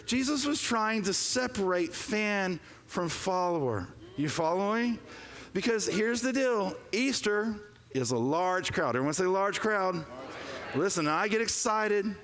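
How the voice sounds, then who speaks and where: A man preaching a lively, joking sermon, calling for the congregation to respond. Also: high voice, unhurried. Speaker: pastor. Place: church sanctuary. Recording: long reverb of a church hall.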